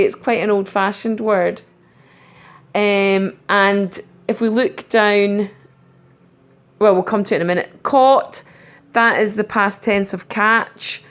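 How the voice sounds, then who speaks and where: A middle-aged woman gives a recorded spelling lesson at an unhurried pace. Her pitch sits mid-range as she carefully spells out letters and pauses on ums. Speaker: primary school teacher.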